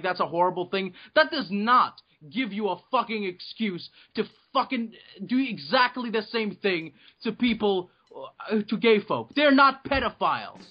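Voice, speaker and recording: A man's voice: high voice, sharp tone. A man from Russia ranting angrily and swearing a lot in casual chat. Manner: angry profane rant. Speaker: podcast co-host. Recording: dull lo-fi recording with faint music.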